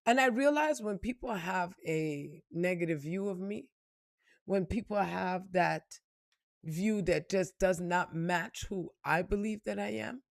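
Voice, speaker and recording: A woman's voice: fairly low pitch, measured pace, vocal fry, no room sound, studio quality. A woman giving a motivational spiritual talk in an emphatic, preachy way, blunt and profane, asking her listeners question after question. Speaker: spiritual reader and motivational speaker.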